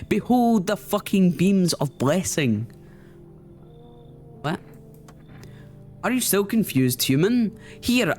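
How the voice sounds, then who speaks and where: A man puts on a zealous male cultist from a video game, preaching about holy sunlight in a raised, lofty voice. The delivery is grandiose and sermonizing, with soft game music underneath. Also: high voice. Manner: grandiose, sermonizing, swears mid-speech. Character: preachy sun-worshipping male cultist visitor.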